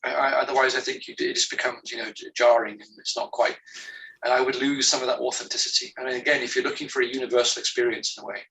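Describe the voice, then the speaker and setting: A man with a bright, sharp tone speaks as a guest author. His audio comes through a remote internet call and sounds distant from the mic. He talks hesitantly, restarting his sentences and filling the gaps. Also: mid-range voice, steady tone, fast, a little hiss or hum. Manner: hesitant, many restarts and fillers. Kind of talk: conversational interview. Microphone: remote call from home.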